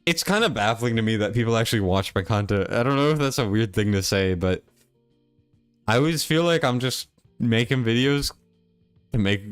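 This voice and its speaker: A young man casually talking through a game stream in a low-key, near-monotone way, reading chat aloud. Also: normal speed, clean tone, soft background music. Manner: laid-back, mumbling, reads chat aloud.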